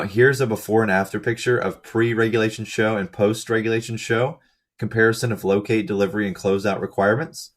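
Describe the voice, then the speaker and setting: A man with a fairly low, hoarse voice that sounds like it is fading, talking through a research paper slide by slide. He reads out lists and figures in a steady, methodical way, with the odd quick aside. It has the feel of a channel host explaining a study to his viewers.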